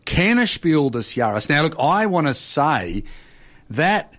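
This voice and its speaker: A man's voice: on the high side, very animated, slow, a bit bright. A man hosting a radio show, chatty and enthusiastic. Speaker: radio host.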